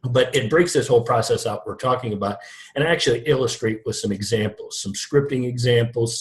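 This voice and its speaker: Chatty middle-aged man explaining sales. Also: mid-range voice. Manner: conversational, restarts sentences, laughs at own jokes. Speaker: guest, lead generation company founder. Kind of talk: casual interview talk.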